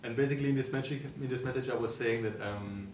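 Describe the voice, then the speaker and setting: A young man from Germany telling how he met his partner in a calm, halting way, with many pauses and fillers. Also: mid-range voice. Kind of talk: casual storytelling. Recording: echoey room, mic at a distance, soft music under.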